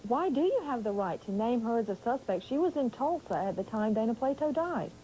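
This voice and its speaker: A woman TV news anchor introducing a story and questioning guests in a measured, composed way. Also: on the high side, big pitch swings, warm tone, slight background noise, low-quality recording. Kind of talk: news presenting and live interview.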